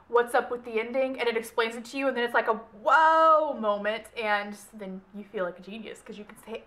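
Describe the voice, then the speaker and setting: A woman's voice: on the high side, fairly bright tone. A young woman giving a casual, rambling book review vlog, often stopping to correct herself. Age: young adult. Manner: rambling, self-correcting, chatty. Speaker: book vlogger.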